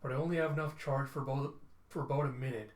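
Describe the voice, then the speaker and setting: Fierce young woman voiced by a man, raised pitch, urgent, comic readthrough, echoey room. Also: fairly even intonation, quick pace, close to an everyday voice. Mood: tender. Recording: roomy echo.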